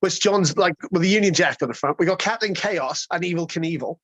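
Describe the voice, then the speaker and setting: A man with a notably high voice spins a wild road-trip tale as a guest, excitable and profane, tripping over his own restarts. The sound is close and dry, with no room around it. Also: fairly quick, no room sound. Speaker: guest storyteller. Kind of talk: casual road-trip storytelling.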